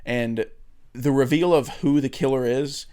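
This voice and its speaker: A man's voice: medium pitch, unhurried, warm tone, clean tone. A young man chatting loosely on a movie podcast, with lots of swearing and filler words. He breaks into laughter while retelling scenes and keeps an easygoing, rambling flow. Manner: loose and profane, laughs often at his own retellings. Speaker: podcast co-host. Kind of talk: casual chat.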